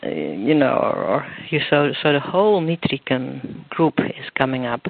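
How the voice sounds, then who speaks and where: Guest expert, male, gravelly voice, halting speech full of restarts, heard over a tinny phone line. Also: mid-range voice, very animated. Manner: halting, searching for words, many restarts. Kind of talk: phone interview explanation.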